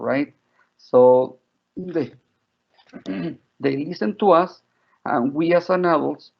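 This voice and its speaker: Gravelly man lecturing over dull lo-fi audio. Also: mid-range voice. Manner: chatty, checks in with "right?" often. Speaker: teacher trainer. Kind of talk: online workshop lecture.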